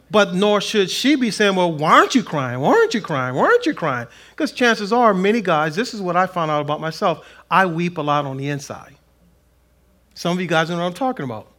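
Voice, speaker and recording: A middle-aged pastor preaching a sermon, animated, acting out quotes in a raised voice. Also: male voice, high voice.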